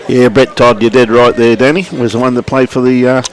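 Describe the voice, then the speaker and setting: A man's voice: mid-range voice, level tone, a little fast. An Australian man giving live lawn bowls commentary at the club, chatty, greeting viewers by name and calling everyone mate.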